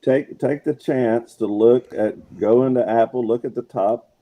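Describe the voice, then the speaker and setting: A man's voice: medium pitch, steady tone, measured pace, dark tone. A man co-hosting a casual talk show, agreeing often and sharing his own parenting story. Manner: agreeable, frequent backchannel affirmations. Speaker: co-host. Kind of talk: casual chat.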